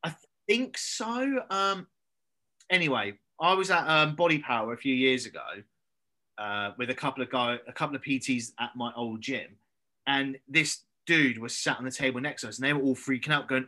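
A man's voice: medium pitch, normal speed, bright, forceful tone. A man, a personal trainer guesting on a podcast, sweary and hesitant with lots of ums. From England. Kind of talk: casual podcast chat.

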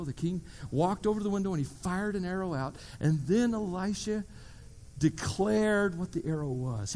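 Animated high-voiced preacher man. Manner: animated storytelling with joking asides. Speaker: pastor. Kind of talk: sermon.

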